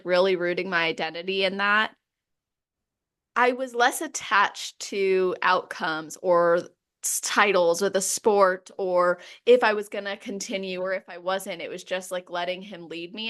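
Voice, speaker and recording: A woman hosting a podcast, talking in a reflective, casual way with frequent "like". Her tone is bright and crisp, and her voice is smooth and resonant. She speaks a little lower than most women. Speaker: podcast host. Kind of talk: casual interview chat.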